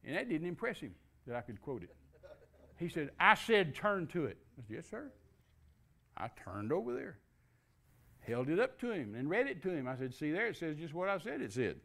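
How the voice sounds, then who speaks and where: An older man, a preacher, telling a personal testimony in a lively storytelling way and acting out the dialogue he quotes. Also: a little high, moderate pace, vocal fry, long pauses. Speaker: guest preacher.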